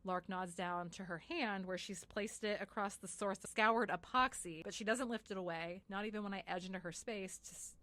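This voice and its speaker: A woman's voice: medium pitch, normal speed, few pauses, pushed and bright, no room sound. A woman co-hosting a podcast, retelling a book in casual chat with lots of "like" and frequent swearing. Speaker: podcast co-host.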